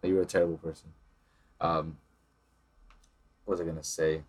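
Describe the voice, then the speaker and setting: This young adult co-host has a rumbling low voice and speaks at a moderate pace. Chatting casually on a podcast, he tells stories full of swearing and plays out the characters' lines in their voices.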